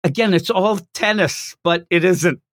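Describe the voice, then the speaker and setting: A man hosting a podcast, casually recapping a manga chapter in a jokey, animated way. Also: high voice, dry recording, clean studio sound. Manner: animated, jokey retelling with quick acted quotes. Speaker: podcast host.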